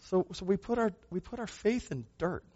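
A pastor preaching a sermon, a man who speaks with emphasis, asks rhetorical questions and moves between loud and soft passages. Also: high voice, lively intonation, normal speed, highs cut off.

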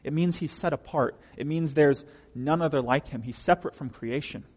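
A man's voice: fairly high pitch, moderate pace, long reverb tail. A man preaching a sermon from the pulpit, emphatic and often asking the congregation questions. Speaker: pastor.

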